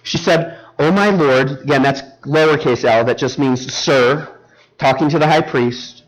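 A man's voice: mid-range voice, fairly even intonation, moderate pace, poor audio. A man preaching a sermon, explaining Bible verses word by word and often asking the congregation if they are following along. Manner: engaging, repeatedly checks in with the congregation; teacherly, walks through Bible verses word by word. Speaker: pastor.

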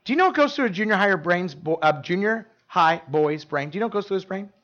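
High-voiced preacher, chatty and direct. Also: male voice, lively intonation, fast, fairly bright tone, highs cut off. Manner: conversational, repeats words and asks the room questions. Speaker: pastor. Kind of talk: sermon.

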